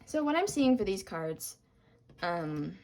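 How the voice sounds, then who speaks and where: A woman's voice: medium pitch, big pitch swings, slow pace. Young woman doing a tarot reading, kind and sorry-sounding, voice cracking a bit, lots of ums. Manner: gentle, reassuring, with frequent ums and apologies. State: voice cracking from talking a lot. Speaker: tarot reader.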